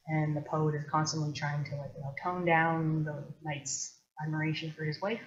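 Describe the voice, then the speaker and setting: A woman's voice: deep voice, fairly even intonation, brisk, few pauses. A woman hosting a casual solo talk, chatty and thoughtful, with loose asides. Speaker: host. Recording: dull lo-fi recording.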